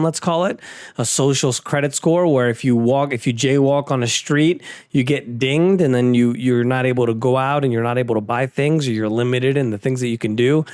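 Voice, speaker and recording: Guy doing a casual news rundown, smooth voice, dry close sound, sarcastic asides. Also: medium pitch, a little mellow, no room sound. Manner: frequent restarts and fillers, conversational. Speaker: host.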